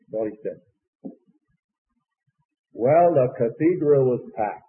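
An older man preaching a sermon in a folksy storytelling way, swinging from loud to soft. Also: mid-range voice, expressive, slow, pauses often. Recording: phone-like sound, long hall reverb.

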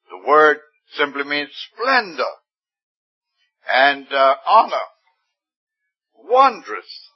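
A man's voice: medium pitch, husky. A man preaching a sermon with fervent emphasis, his voice rising suddenly on key words. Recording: dull lo-fi recording.

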